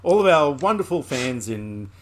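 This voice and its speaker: A man's voice: medium pitch, very animated, moderate pace, a little hiss or hum. Man, podcast host, casual chat, rambling jokes, frequent laughs. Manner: joking, rambling, laughs often.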